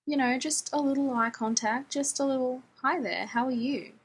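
A woman's voice: high voice, fairly even intonation, normal speed, a little hiss or hum, pitched above the performer's own voice. A woman reading the lines of an earnest, sheepish young man who rambles in casual slang.

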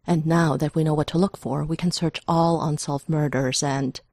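A woman voicing a brusque, brilliant male detective in a story reading, speaking in a low, clipped, measured way. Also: steady tone, darkish tone, no echo, clean studio sound. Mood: brisk.

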